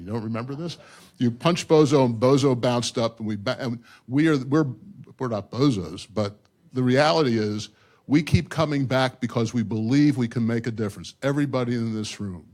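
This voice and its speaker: A man's voice: medium pitch, a little mellow. An older man answering a question on a discussion panel, earnest and emphatic, often restarting his sentences.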